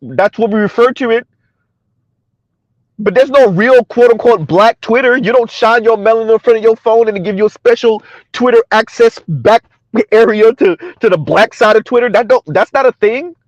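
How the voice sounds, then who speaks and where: High-voiced blunt man lecturing. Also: moderate pace, no room sound. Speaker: commentary channel host. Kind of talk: casual social media commentary. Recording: dry, dull lo-fi sound.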